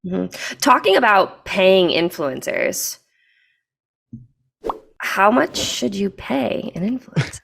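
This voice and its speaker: A woman interviewer who asks relaxed questions and fills in short affirming murmurs. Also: mid-range voice, slow pace, creaky, pauses often, slight background noise. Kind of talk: interview, brief backchannels.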